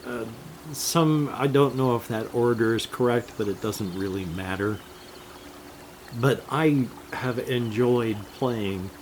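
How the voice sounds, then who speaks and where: An older man vlogging about video games, unhurried and meandering as he wanders between topics with the odd chuckle. His delivery is slow and drawn out at an ordinary mid pitch. A faint hiss of background noise sits under the voice. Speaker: gaming vlogger. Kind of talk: rambling casual monologue.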